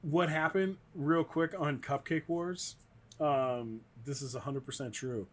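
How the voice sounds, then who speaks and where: Male comedian guest, slightly high voice, rambling and animated storyteller, casual chat. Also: a little slow. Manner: rambling, animated, acts out quotes in raised voices.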